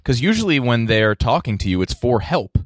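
A man in a casual podcast chat, throwing in quick jokes. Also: mid-range voice, sing-song, no room sound, studio quality.

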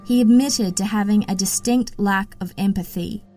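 A woman hosts a true-crime podcast, telling the case in a steady, matter-of-fact scripted narration. Her voice sits at a middle pitch, with soft music faintly behind it. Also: normal speed. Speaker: podcast host.

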